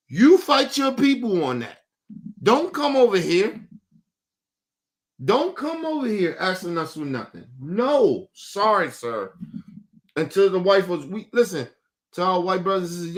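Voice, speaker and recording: A man's voice: sits high, a bit bright. A man hosting a live stream, ranting bluntly and profanely in casual commentary. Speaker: streamer host.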